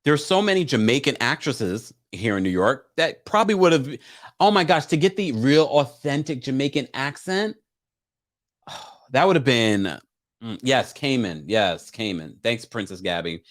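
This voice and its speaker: A man with a mid-range voice and big swings in pitch talks at a normal speed while hosting a live recap stream. He chats casually, reads viewer comments, and laughs between his remarks.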